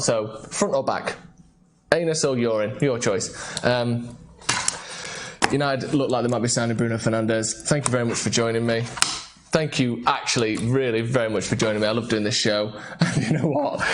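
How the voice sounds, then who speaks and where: A man's voice: medium pitch, expressive, moderate pace, slight background noise. A young man hosting a casual live football show, joking and rambling playfully. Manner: jokey, playful, rambling banter. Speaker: host. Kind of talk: casual live-stream chat.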